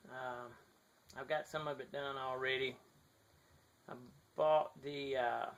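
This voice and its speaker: A man with a gravelly, slightly bright mid-range voice and a thick Southern US accent shows off his model builds outdoors near his garage in sunlight. Speaking casually to a shaky handheld camera, he rambles apologetically, self-deprecating and full of fillers.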